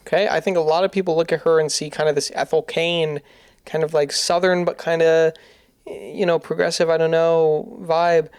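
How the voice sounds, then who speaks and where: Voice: mid-range voice, little pitch movement, moderate pace, darkish tone, clear, resonant tone, dry recording. Curious podcast co-host, dry sound. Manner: curious, keeps asking questions. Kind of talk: casual podcast chat.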